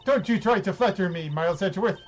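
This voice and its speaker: A man's voice: high-pitched, fast talker, highs cut off, faint music behind, natural voice. A man voicing a haughty young female prosecutor in a mock German accent, cold and scolding. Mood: scornful. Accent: put-on German. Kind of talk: reading game dialogue aloud.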